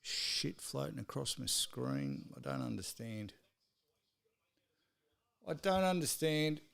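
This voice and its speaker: A man's voice: mid-range voice, big pitch swings, takes it slowly, gravelly, a bit bright. A man with an Australian accent hosting a live sports stream, swearing freely as he tells exasperated stories. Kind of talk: casual ranting chat.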